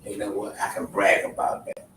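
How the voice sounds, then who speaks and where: A man's voice: fairly low pitch, completely flat delivery, moderate pace, far from the mic. A man in his seventies sharing in a group, speaking in a plain, informal and grateful way. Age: 70s. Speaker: group participant. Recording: echoey room, off-mic, faint noise.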